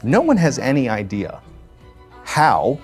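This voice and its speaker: A man's voice: medium pitch, huge pitch swings, slow, darkish tone, slightly rough, soft background music. A man telling a strange story in a casual, conversational way, with many fillers.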